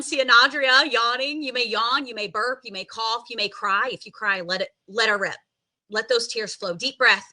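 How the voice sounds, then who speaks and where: A woman with a bright, forceful voice that sits a little high leads a guided tapping meditation. She coaxes and directs her listeners, breaking her lines with audible sighing deep breaths. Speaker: tapping session leader.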